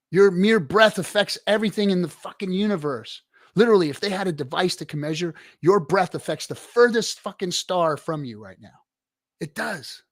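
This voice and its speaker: A middle-aged man hosting a livestream, giving profane, preachy motivational rants to his chat with sudden loud swings. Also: high-pitched, lively intonation, moderate pace, no echo, studio quality. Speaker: livestream host. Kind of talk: casual livestream chat reading viewer comments.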